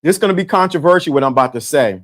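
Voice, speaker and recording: A man hosting a live-stream talk show, animated and laughing, repeating himself and talking to the chat. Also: fairly high pitch, very fast. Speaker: host.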